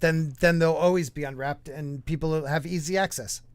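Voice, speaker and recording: A man's voice: on the high side, steady tone, moderate pace, dry recording. A man hosting a livestream podcast, joking around and reading out viewer chat in a rambling, casual way. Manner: jokey, rambling, reads chat aloud. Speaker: podcast host.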